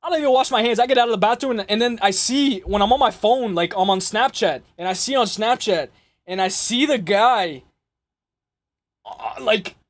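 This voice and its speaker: A young man hosting a casual fight-prediction show, rambling and excitable, repeating himself and swearing often. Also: sits high, normal speed. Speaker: MMA podcast host.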